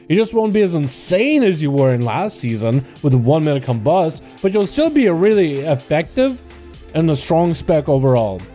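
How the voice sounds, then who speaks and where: A man's voice: on the high side, warm tone. A young man with a slight Russian accent, a native Russian speaker, chatting casually as a gaming livestreamer. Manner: laid-back, chatty, fills with "yo", "dude" and "boys". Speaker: streamer.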